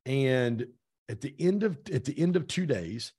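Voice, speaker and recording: Husky-voiced man telling a story. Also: mid-range voice, a little slow. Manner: energetic, retells events with lively quoted dialogue. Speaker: podcast guest, real estate team owner. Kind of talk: animated storytelling in conversation.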